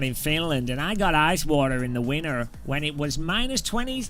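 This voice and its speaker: Casual British male streamer; jokey, rambling chat to viewers, slightly high voice. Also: lively intonation, moderate pace, hardly any pauses, fairly bright tone, faint music behind. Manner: joking, rambling, reacts to chat. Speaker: sim racing streamer.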